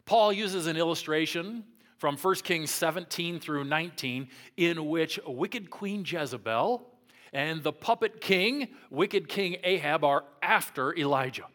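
A man pastor preaching a sermon, telling a Bible story with dramatic swings from loud taunting lines to hushed, near-whispered ones. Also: on the high side, lively intonation, measured pace.

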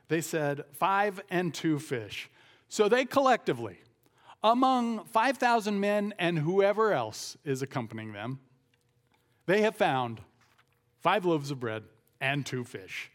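Man preaching a sermon. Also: fairly high pitch. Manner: expository preaching, acting out quoted voices. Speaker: pastor.

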